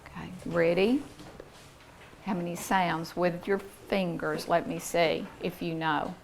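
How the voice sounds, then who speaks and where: A woman teacher leading a classroom phonics lesson, encouraging and deliberate, sounding out words for young pupils in a classroom. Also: fairly low pitch, steady tone, vocal fry, a little hiss or hum.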